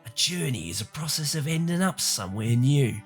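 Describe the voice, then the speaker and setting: A man's voice: medium pitch, lively intonation, normal speed, faint music behind, close to an everyday voice. A man putting on a solemn philosophizing warrior. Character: gruff male warrior turned rambling philosopher.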